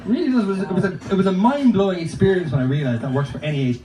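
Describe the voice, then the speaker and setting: A man's voice: sits high, rapid-fire, warm tone. A man performing a stand-up comedy set, telling rambling, sweary anecdotes in a loose, chatty way. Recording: roomy, distant, noisy live recording.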